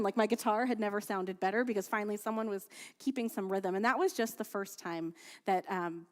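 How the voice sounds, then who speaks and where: Female rabbi, mid-pitched, measured prayers and chatty sermon stories, livestreamed from a long-reverb sanctuary. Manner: steady, measured prayer reading, then chatty, lively storytelling with fillers. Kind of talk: leading prayers and giving a sermon. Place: synagogue sanctuary.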